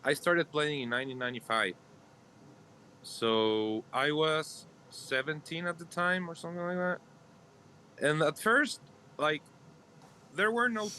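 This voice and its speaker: Guest guy in his 40s, telling his story calm and steady, bright sharp voice, bit of noise behind. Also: a little high. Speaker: podcast guest. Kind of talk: casual interview answer.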